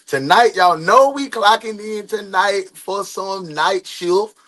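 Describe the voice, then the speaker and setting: Speaking slowly in a voice that sits high, a man laughs his way through a lively, informal reaction to a video, imitating the voices of the story's characters.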